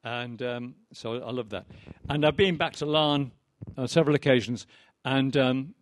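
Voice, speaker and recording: A man's voice: mid-range voice, moderate pace. A poet giving a reading of his poems with anecdotes, chatty and wry, full of ums and uhs.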